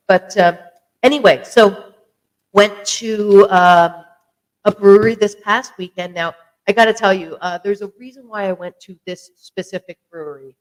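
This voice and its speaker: A chatty podcast host rambles to the camera at an easy, conversational pitch. The voice is smooth and clear, full of fillers and self-corrections. Now and then they pause for a sip. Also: rough recording. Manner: sips a drink while talking. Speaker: podcast host reviewing beer. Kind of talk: casual chat to camera.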